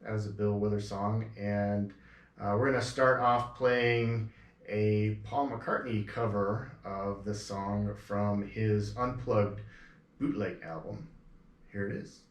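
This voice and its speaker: A man's voice: on the low side, fairly even intonation, takes it slowly, recorded from a distance. A man co-hosting a radio show in casual banter, laid-back and teasing, often chuckling. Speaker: radio co-host. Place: radio studio. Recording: roomy studio, voice off-mic.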